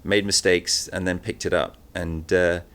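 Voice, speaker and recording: A man's voice: low-pitched, flat delivery, a little slow, a bit bright. A man as an interview guest, talking candidly and animatedly, with many fillers and restarts, recorded live in a shop. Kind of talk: casual interview talk.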